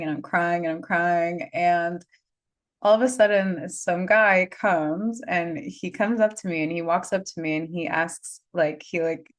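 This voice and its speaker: A woman in her thirties, a spiritual guide, telling her story in an unscripted, chatty way with lots of "like," and leading slow breathing cues. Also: lowish voice. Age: 30s. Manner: chatty, filler-heavy, frequent "like". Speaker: spiritual guide and energy healer.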